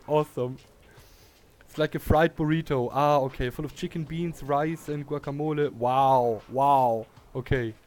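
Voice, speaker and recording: A man's voice: medium pitch, fairly even intonation, a little slow, darkish tone. A man, chatting casually while streaming a game and greeting viewers, often laughing. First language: German. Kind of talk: casual gameplay commentary.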